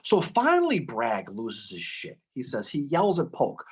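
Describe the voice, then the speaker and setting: Animated husky man telling history. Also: mid-range voice, a little slow. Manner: animated storytelling, acts out quotes, frequent "okay?" and "right?". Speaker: podcast co-host. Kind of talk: casual history podcast chat.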